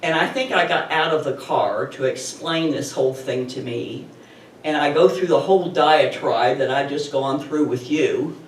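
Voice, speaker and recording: A middle-aged woman telling a personal story live to an audience, chatty and animated. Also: low-pitched, moderate pace. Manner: animated, chatty retelling with laughs. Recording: roomy, distant mic with faint noise.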